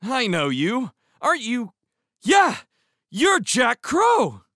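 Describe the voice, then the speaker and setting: A man voicing an excited, shrill young boy. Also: moderate pace, no room sound, clean studio sound, full character voice. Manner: high excited exclamations.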